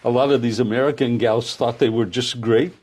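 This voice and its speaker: An older man who founded the program speaks in a relaxed interview, pausing often with fillers. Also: mid-range voice. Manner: hesitant, many filler pauses. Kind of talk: conversational interview.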